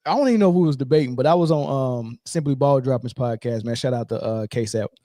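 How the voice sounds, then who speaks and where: A man hosting a casual sports podcast, talking in an easygoing, rambling way. His voice is mellow and warm. The sound is dry and close. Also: mid-range voice, quick pace, no room sound. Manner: laid-back, rambling with fillers and shout-outs. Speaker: podcast host.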